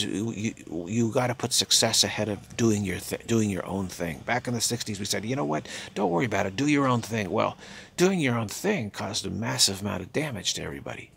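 An older man giving a halting, repetitive spiritual talk, slipping into soft murmured chanted phrases. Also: fairly low pitch, creaky, slight background noise. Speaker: spiritual teacher.

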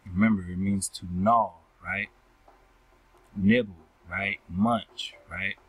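A man's voice: deep voice, fairly even intonation, breathy edge, rough recording. A man reading and explaining scripture verses, checking in with his listeners by asking "right?" after nearly every phrase. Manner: ends almost every phrase with a questioning "right?"; slow, repetitive, addresses listeners as family. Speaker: scripture teacher.

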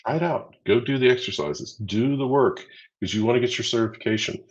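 A livestream co-host with a medium-pitched voice talks a little fast as he runs a quiz, upbeat and chatty while counting down votes and explaining answers in this casual teaching session. The recording has its highs cut off.

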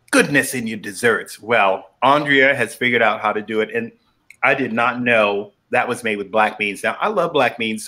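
Bright, gushing man hosting. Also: mid-range voice. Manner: gushing, animated, laughs often. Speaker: host. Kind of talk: casual live show chat.

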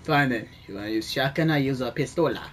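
A man's voice: mid-range voice, fast talker, slight background noise. A young man playing an online shooter, swearing and trash-talking as he comments. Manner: profane, excitable trash talk. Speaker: gamer. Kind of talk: let's play commentary.

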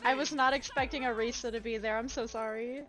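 A woman's voice: a little high, fairly even intonation, brisk, a bit bright, faint music behind. A woman chatting casually in an online voice chat while gaming, easygoing and a little apologetic. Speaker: gamer in voice chat.

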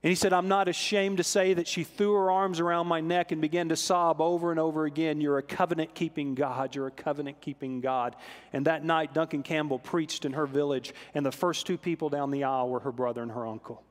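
A man preaching from the pulpit in a church sanctuary, his voice sitting fairly high. He tells stories animatedly, climbing for emphasis and dropping soft for solemn moments. A long hall reverb trails behind his words. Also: steady tone, brisk, hardly any pauses. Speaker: pastor. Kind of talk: sermon storytelling.

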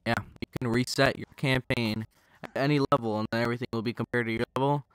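A man's voice: medium pitch, fairly even intonation, fast, smooth. A young man giving loose, joking commentary over his own gameplay, swearing and talking to the enemies on screen through a gaming headset. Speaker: gaming channel host.

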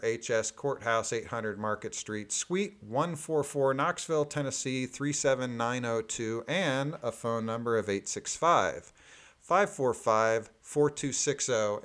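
A man reading court filings aloud in a methodical, deliberate way, adding plain spoken asides. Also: mid-range voice, a bit bright.

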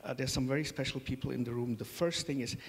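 A middle-aged man opens a conference in a large hall with funny, self-deprecating stories about his family. He talks at a quick pace, his medium-pitched voice fairly even in intonation.

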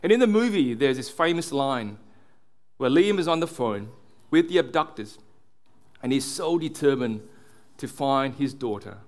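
A male pastor delivering a sermon, earnest, dropping low and soft on key words. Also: animated, moderate pace, long pauses.

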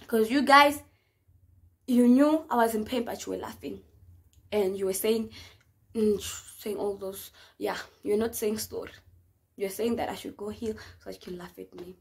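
A young South African woman telling a dramatic story in a casual vlog, with slang and an animated manner. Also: a little high, moderate pace. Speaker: vlogger.

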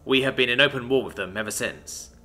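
A man's voice: medium pitch, a little fast, sharp tone, lightly acted. A man voicing a nervous male reptilian alien ship commander who answers in a hesitant, formal way. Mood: subdued.

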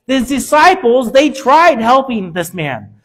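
A man's voice: very high voice, big pitch swings, takes it slowly, fairly bright tone, breathy edge. A male pastor preaching a sermon with an emphatic, repetitive cadence.

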